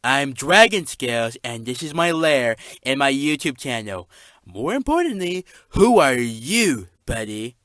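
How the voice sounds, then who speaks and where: A young man voicing a loud, boastful male dragon who owns a lair and a channel, shouty and quick to anger, in a comedy skit. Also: mid-range voice, big pitch swings, no room sound, studio quality, pitched above the performer's own voice. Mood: bellowing.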